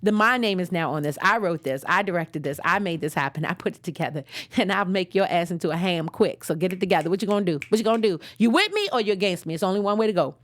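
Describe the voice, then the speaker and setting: A woman's voice: lowish voice, expressive, quick pace, few pauses, natural voice. Woman doing a pushy playhouse boss, threatening, taunting, hard-nosed. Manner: aggressive repeated taunts.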